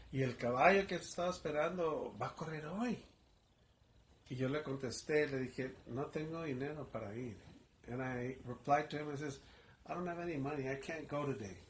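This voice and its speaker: A man's voice: fairly high pitch, a little hiss or hum. A man, a pastor, telling his personal testimony in an earnest, emotional storytelling manner.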